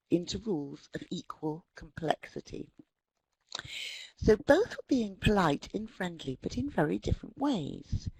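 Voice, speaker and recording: A woman's voice: medium pitch, gravelly, husky, dry recording, poor audio. A woman presenting an online lecture on language, telling stories and acting out quoted speech. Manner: lively storytelling, acts out quotes. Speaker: webinar presenter.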